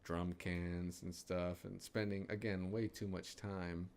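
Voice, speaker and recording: A man giving a casual director's commentary on his own film, laid-back and quick to laugh. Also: sits low, little pitch movement, darkish tone, a little hiss or hum.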